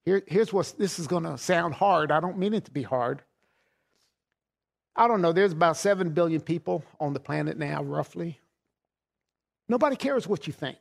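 A man's voice: a little high, moderate pace, gravelly. A middle-aged man preaching a sermon in a folksy way, laughing often and repeating words as he goes.

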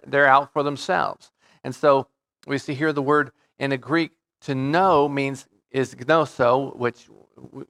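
A man teaching through a Bible passage in a conversational, halting way, often restarting his sentences. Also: mid-range voice, a bit bright. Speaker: pastor.

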